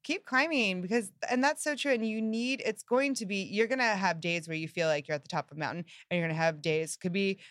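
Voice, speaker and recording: A woman's voice: medium pitch, fast, few pauses, fairly bright tone, clean studio sound. A woman in a casual chat giving encouraging mindset advice and echoing her partner's phrases. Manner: encouraging, echoes phrases back. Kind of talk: motivational casual talk.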